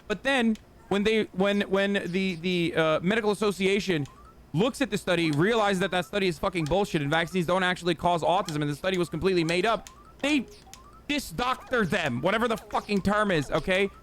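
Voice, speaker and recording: The American gaming-stream host keeps up his sarcastic, profanity-heavy rant. His high-pitched, fairly bright voice moves fairly quickly, with slight background noise.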